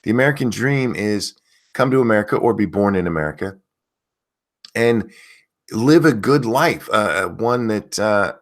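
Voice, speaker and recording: A man hosting a casual livestream, ranting with a lot of profanity and reading viewer comments aloud. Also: moderate pace. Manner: lively pitch, mocking voices. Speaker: streamer host.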